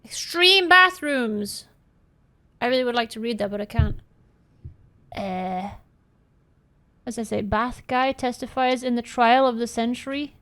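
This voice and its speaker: A woman's voice: a little high, fairly even intonation, moderate pace, long pauses. A woman giving casual, playful commentary while she plays a game, reading the screen aloud and swearing now and then. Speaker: streamer playing a game.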